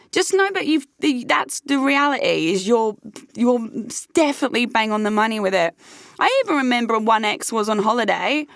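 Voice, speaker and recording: A woman's voice: on the high side, creaky, a bit bright, no echo, clean studio sound. A young British woman giving candid, sweary personal advice in a conversational vlog. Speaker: vlogger.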